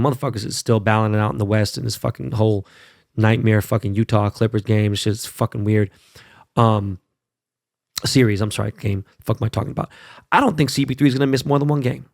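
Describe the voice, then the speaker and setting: A man's voice: mid-range voice, fairly quick, gravelly, darkish tone, no echo, studio quality. A man hosting his own podcast, talking bluntly and profanely in a fired-up casual monologue, often tagging lines with "right?" and "okay?". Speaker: podcast host.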